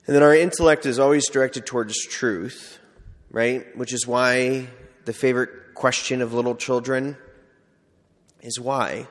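A man preaches in a relaxed, chatty way, acting out small everyday scenes as he teaches. His voice sits at an ordinary middle pitch. It carries a long reverb, as if heard in a large church hall. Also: unhurried. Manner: conversational, acts out little scenes. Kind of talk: informal sermon with storytelling.

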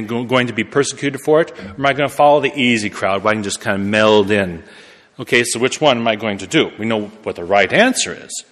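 A man's voice: fairly low pitch, fairly bright tone. A man preaching a sermon in a conversational way, correcting himself and laughing at his own remarks. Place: church. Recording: long reverb of a church hall.

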